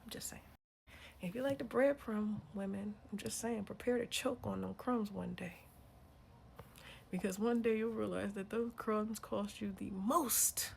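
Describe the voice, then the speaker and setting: A woman in a casual rant to camera, blunt and profane, dropping to muttered asides and then bursting out loud. She talks like a spiritual reader. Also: medium pitch, measured pace, vocal fry, a little hiss or hum.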